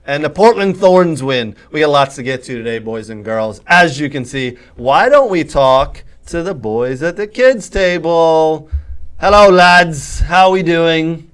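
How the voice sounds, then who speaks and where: A host putting on a gruff English football tough guy, raspy and rude, yelling insults at lazy viewers. The accent is put on and slides into Australian, with a voice set somewhat high. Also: expressive, unhurried. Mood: gruff barking. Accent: put-on English, drifting Australian. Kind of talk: costumed show opening.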